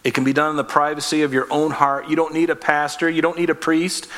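A man's voice: a little high, little pitch movement, fast talker, fairly bright tone, in a large hall. A man preaching a sermon as pastor, earnest and emphatic, asking the listeners direct questions.

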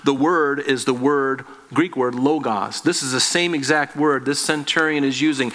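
A man's voice: medium pitch, moderate pace, hardly any pauses, a bit bright. A male pastor giving an expository sermon, teaching earnestly and asking his listeners rhetorical questions.

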